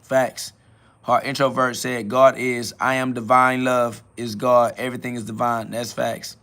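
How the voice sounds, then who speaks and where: A man's voice: mid-range voice, level tone, unhurried, a bit bright. A man hosting a live stream, answering chat questions in a preachy, blunt way, with casual slang and quoted Bible verses. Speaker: livestream host.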